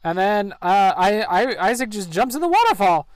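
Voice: mid-range voice, very animated, normal speed, dry recording, clean studio sound, soft background music. A player casually narrating a story game, describing the action and reading the characters' lines aloud. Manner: chatty, narrates actions, voices characters loosely. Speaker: gameplay narrator.

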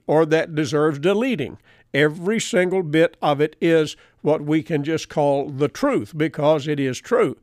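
An older man delivers a Bible lesson with earnest emphasis, drawing out the words he wants to stress. His voice sits a little high for a man. The sound is dry and close, with no room around it. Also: no room sound. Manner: earnest, emphatic, quotes scripture with chapter and verse; slows and stresses key words. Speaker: radio Bible teacher.

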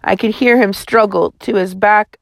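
A woman reading a children's novel aloud in first person, steady scripted narration. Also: medium pitch, moderate pace, creaky, no room sound. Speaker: audiobook reader.

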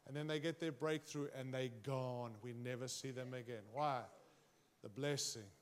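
A man preaching a sermon, speaking emphatically and straight to his congregation, swinging his pitch and volume widely. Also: fairly even intonation, moderate pace.

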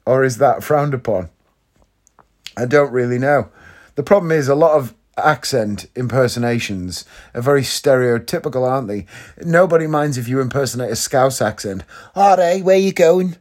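A man's voice: medium pitch, moderate pace. Chatty man musing in a vlog. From Northeast England. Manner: chatty, leans on tag questions like "isn't it?". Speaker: vlogger. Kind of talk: casual vlog monologue.

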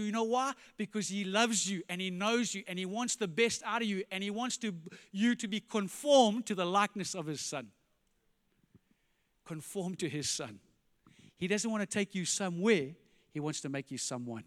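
A pastor preaching an animated sermon, firing rhetorical questions and dropping to quiet emphasis, in a church. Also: male voice, sits high, smooth, long reverb tail.

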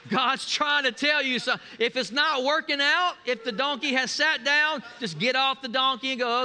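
High, bright preacher man. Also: normal speed, few pauses, a little hiss or hum. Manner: folksy, humorous storytelling with call-and-response. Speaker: pastor. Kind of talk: sermon.

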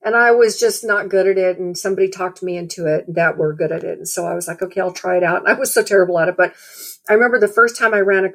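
A woman's voice: lowish voice, fast. Woman preacher, earnest testimony style, loose and rambling delivery. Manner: earnest, rambling storytelling with fillers. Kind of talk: personal testimony turning into sermon.

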